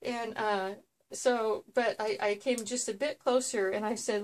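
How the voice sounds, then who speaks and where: A woman's voice: medium pitch, fairly even intonation, measured pace. A woman hosting a casual vlog, rambling through a story with many ums and restarts. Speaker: vlog host. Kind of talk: casual chat.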